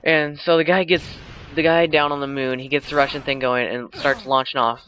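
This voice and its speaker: A man's voice: mid-range voice, little pitch movement, brisk, pushed and bright, a little hiss or hum. A young man casually recapping a film, rambling with lots of fillers and self-corrections. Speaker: video uploader. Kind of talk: casual movie recap vlog. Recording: dull lo-fi home recording.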